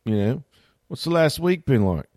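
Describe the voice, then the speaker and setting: A man's voice: medium pitch, big pitch swings, normal speed, darkish tone, no room sound, clean studio sound, voice pushed up. A man imitating a chatty Australian morning show host with an Australian accent, who keeps calling people mate. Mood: breezy. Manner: breezy, calls everyone mate.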